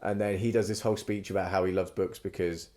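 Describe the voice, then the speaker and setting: A man's voice: sits low, level tone, quick pace, a little mellow. A man hosting a podcast, chatting casually and rambling through a story, swearing freely and acting out quoted lines. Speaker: podcast host. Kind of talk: casual chat.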